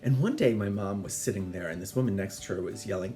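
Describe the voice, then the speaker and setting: Middle-aged male host, chatty storyteller, mid pitch, very lively intonation. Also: fast talker, few pauses, faint music behind. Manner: animated, chatty, laughs often. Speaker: podcast host. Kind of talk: casual storytelling.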